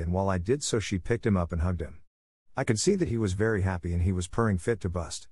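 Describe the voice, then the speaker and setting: A man narrating a ghost story in the first person, with a calm, measured storytelling manner. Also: sits low, slightly rough, no room sound, clean studio sound.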